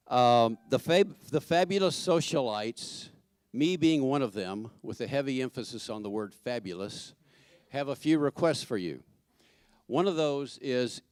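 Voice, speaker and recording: A man giving church announcements in a chatty, joking way, halting with fillers and restarts. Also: medium pitch, a little mellow, no room sound, clean studio sound. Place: church sanctuary.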